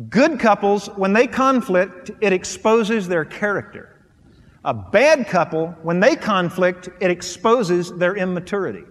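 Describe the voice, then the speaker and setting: A man's voice: high voice, in a large hall. A middle-aged male pastor preaching a sermon, telling stories and driving points home with punchy, repeated phrases.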